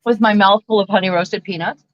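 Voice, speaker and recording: A woman's voice: mid-range voice, fairly even intonation, brisk, no room sound, lo-fi sound. A woman co-hosting a casual crafting livestream, playful and giggly as she chats and reads comments. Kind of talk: casual chat while crafting.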